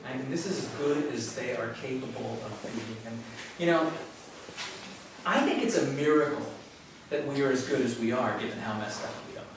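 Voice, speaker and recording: A man giving a relaxed, conversational spiritual talk to a yoga class, telling stories and chuckling often. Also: medium pitch, normal speed. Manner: conversational, storytelling with frequent chuckles. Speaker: teacher. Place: yoga studio. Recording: very echoey room from far off, faint noise.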